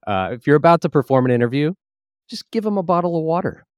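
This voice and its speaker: A man hosting a casual podcast interview, friendly and affirming, with quick interjections. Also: on the high side, expressive, a little mellow, smooth, dry recording, studio quality. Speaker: podcast host.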